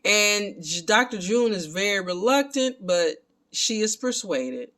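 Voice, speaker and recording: A man giving a casual, animated recap of a film and talking to his viewers as family. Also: high-pitched, a little slow. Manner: animated, excitable retelling. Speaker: film reviewer.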